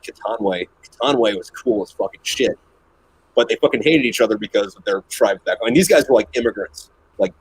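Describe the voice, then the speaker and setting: Husky low-voiced man, laid-back and profane. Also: no room sound, poor audio. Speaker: former Marine. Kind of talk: casual storytelling chat.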